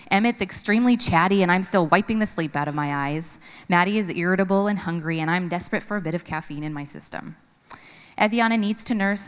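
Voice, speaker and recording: Earnest woman speaker in a reverberant hall. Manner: earnest, storytelling, expressive swings in pitch. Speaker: conference speaker. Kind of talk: reading a personal journal aloud to an audience.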